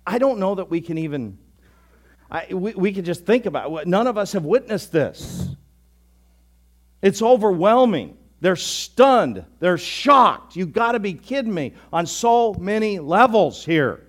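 This man's voice is high and his pace measured as he preaches. He's a pastor whose sermon feels conversational and animated, with abrupt flashes of emphasis.

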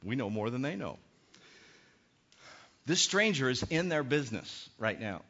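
A middle-aged man preaching a sermon as pastor, animated and acting out the voices he quotes. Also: mid-range voice, a little slow, husky. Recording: muffled lo-fi sermon recording.

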